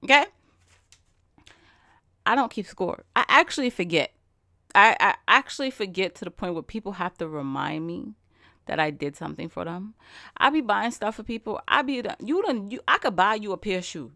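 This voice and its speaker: A woman hosting a solo podcast, talking straight into the mic in an emphatic, conversational way. She fires off rhetorical questions in easy slang, and her voice sits at a middle pitch. The sound is dry and close, with no room around it. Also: expressive, moderate pace, gravelly, pushed and bright, dry recording. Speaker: podcast host. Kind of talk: casual solo podcast monologue.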